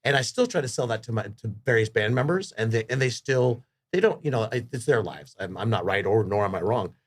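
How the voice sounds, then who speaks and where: A man's voice: mid-range voice, expressive, brisk. A man as a podcast guest, telling rambling, enthusiastic stories in casual chat, swearing freely. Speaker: podcast guest, rock singer.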